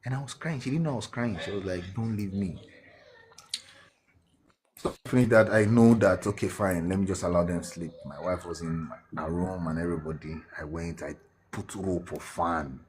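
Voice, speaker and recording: A Nigerian man with a very low voice gives an earnest personal testimony as a guest on a talk show. He mixes in Pidgin and often restarts his sentences. There is a faint hiss under the recording. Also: steady tone, brisk. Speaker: guest telling his story.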